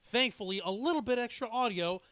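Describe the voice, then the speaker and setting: A man co-hosting a casual live stream chat, joking in quick banter. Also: very high voice, a bit bright, slight background noise. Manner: joking, quick banter, puts on little voices. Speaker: co-host.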